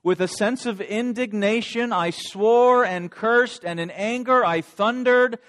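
A man's voice: sits high, a little slow, a bit bright, pitched above the performer's own voice. A man playing a remorseful disciple. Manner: dramatic first-person storytelling. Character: remorseful adult male disciple recounting denial. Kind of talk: first-person dramatic monologue.

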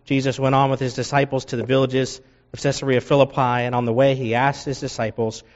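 A man preaching a sermon, reading scripture aloud and rising loud and high for emphasis, then dropping low for asides. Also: little pitch movement, brisk. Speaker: pastor. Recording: dull lo-fi sound.

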